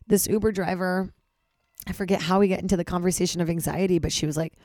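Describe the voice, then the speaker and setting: A woman hosting her own podcast, talking frankly and rambling, swearing and poking fun at herself, with a hoarse voice from losing it. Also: on the low side, steady tone, fast, a little mellow, no room sound, studio quality. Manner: frank, rambling, swears freely, self-deprecating. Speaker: podcast host. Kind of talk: candid solo podcast monologue.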